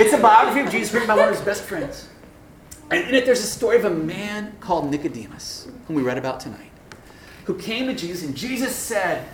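A man's voice: high-pitched, quick pace, reverberant, a little hiss or hum. A man preaching as a campus pastor, telling a story and acting out both sides of the dialogue with laughs. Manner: animated, acts out dialogue with laughs. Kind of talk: sermon storytelling. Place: lecture room.

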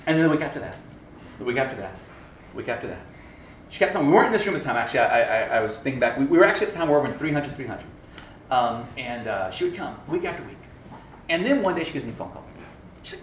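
A man's voice: medium pitch, fast, reverberant, slight background noise. A man preaching as a campus pastor, telling a story and acting out both sides of the dialogue with laughs. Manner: animated, acts out dialogue with laughs. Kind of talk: sermon storytelling. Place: lecture room.

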